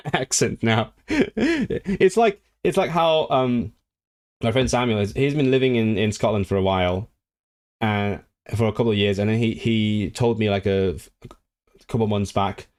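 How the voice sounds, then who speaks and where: A man's voice: on the low side, darkish tone. A man casually talking to his live-stream viewers, rambling with frequent restarts and fillers. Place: living in the North of England.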